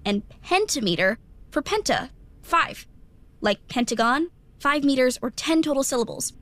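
A woman playing an eager, know-it-all schoolgirl with a quick, confident delivery in an audio drama. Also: high-pitched, sing-song, fairly bright tone, dry recording. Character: smart eager schoolgirl, teacher's pet.

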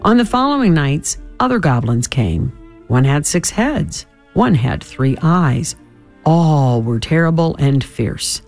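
A man reading a children's storybook aloud, with expressive, dramatic storytelling. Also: fairly high pitch, takes it slowly, faint music behind.

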